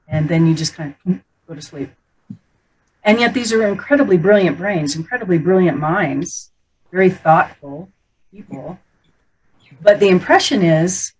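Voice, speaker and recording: A middle-aged woman teaches about the speaking voice as a voice coach, with a voice sitting a little low for a woman. She talks in an animated, playful way. Now and then she slips into quick demonstration voices. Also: poor audio.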